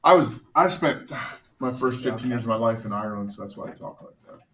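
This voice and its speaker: A man teaching a math class, joking with students and quizzing them with quick questions. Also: medium pitch, lively intonation, a bit bright.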